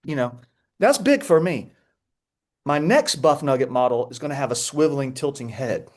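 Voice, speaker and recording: A man, presenting a webinar over a video call in an excitable, playful way with frequent restarts. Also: medium pitch, normal speed. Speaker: edtech presenter. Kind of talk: energetic webinar talk.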